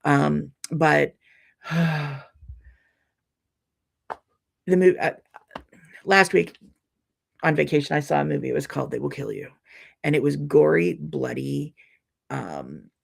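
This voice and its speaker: Gravelly, husky-voiced woman chatting casually. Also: sits low, takes it slowly, pauses often. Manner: chatty, rambling, frequent ums and restarts. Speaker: quilting channel host reading live comments. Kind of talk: casual live-stream chat.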